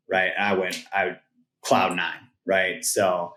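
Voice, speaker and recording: A man with a low voice tells a story on a podcast, relaxed and conversational, leaning on "like" and "right?". The sound is roomy and echoey. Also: slow pace. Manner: laid-back, peppers speech with "like" and "right?". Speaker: podcast guest. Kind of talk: casual storytelling. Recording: roomy echo.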